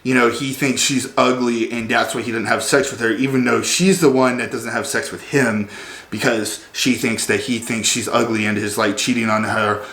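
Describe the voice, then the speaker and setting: A man's voice: medium pitch, steady tone, normal speed, fairly bright tone. A man ranting as a vlogger, rambling and sarcastic, loaded with fillers. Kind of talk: comedic rant. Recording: roomy echo.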